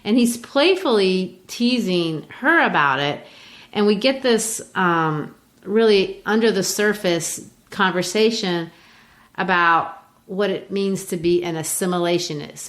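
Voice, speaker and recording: A Brazilian woman hosts a podcast, casually discussing and explaining a play in a chatty manner with frequent restarts. Her voice is medium-pitched and unhurried.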